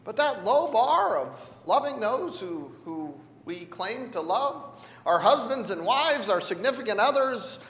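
A man's voice: high voice, sing-song, a little slow, fairly bright tone. A man preaching a sermon in a conversational, playful way, drawing responses from his congregation in a church. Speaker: pastor. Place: church sanctuary. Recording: echoey hall.

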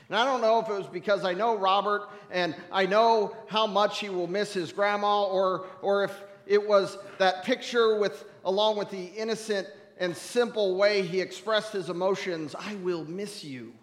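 A man, preaching a storytelling sermon and swinging between hushed and loud. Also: high-pitched. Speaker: pastor. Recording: echoey hall, mic at a distance.

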